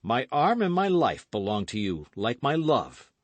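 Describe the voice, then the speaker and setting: A passionate young swordsman bursts out with eager, exclamatory lines, his voice swinging high and lively, played by a male audiobook reader. The recording is dry. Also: unhurried, no echo. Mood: ardent, eager. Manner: impassioned, exclamatory.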